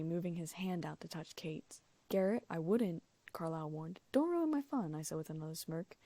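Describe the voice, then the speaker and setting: A woman's voice: on the low side, vocal fry, dark tone, dry recording. A woman narrating a first-person audiobook, reading the dialogue in her own voice with small lifts for each character.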